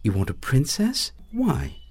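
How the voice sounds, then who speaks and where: A man putting on a higher voice for a brash, blunt young fire witch in an audiobook. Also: wildly swooping pitch, measured pace, vocal fry, darkish tone, slightly rough, full character voice. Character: sharp-tongued young fire witch girl. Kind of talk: audiobook character voice.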